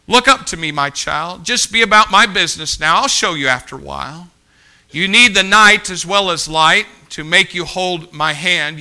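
A man preaching a sermon as pastor, reading a poem aloud slowly and expressively, swinging between loud emphatic lines and soft, low ones. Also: clear, resonant tone.

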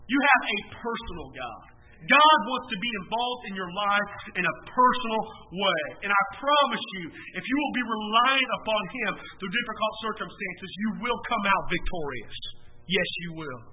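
A man preaching a sermon as a pastor, emphatic, swinging between loud swells and soft drops. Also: sits high, lively intonation, moderate pace, noisy background. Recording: echoey hall, tinny phone-like sound.

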